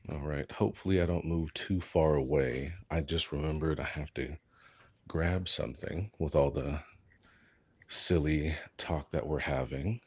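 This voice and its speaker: Man, extremely low voice, husky, slow rambling workshop chat. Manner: joking, rambling, self-deprecating. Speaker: leatherworker.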